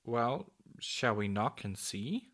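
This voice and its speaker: A man's voice: medium pitch, sing-song, slow pace, fairly bright tone, full character voice. A man voicing an earnest, curious young girl in a storybook reading.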